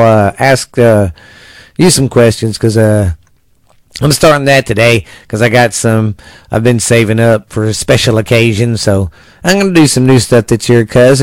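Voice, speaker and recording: A man's voice: medium pitch, clean tone, no room sound. Laid-back male podcast host. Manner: laid-back, rambling, lots of fillers. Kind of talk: casual podcast chat.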